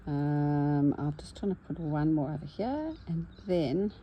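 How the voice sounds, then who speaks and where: A woman's voice: low-pitched, lively intonation, a little slow, dull audio, a little hiss or hum. A woman narrating her embroidery vlog, cheerful and chatty as she talks to herself while she stitches at home. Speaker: embroidery vlogger.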